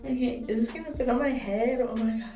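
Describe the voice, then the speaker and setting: A woman's voice: fairly high pitch, fairly even intonation, fast talker, dark tone, distant mic. A young woman vlogging casually at home, chatty and nervous, swearing and laughing to herself as she works. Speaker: beauty vlogger. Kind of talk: casual vlog talk to camera. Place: indoor room at home. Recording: echoey room, off-mic, music behind.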